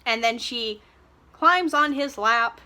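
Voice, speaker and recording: A woman giving a ranting book review, retelling scenes in an animated, sarcastic way and swearing freely. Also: a little high, slow.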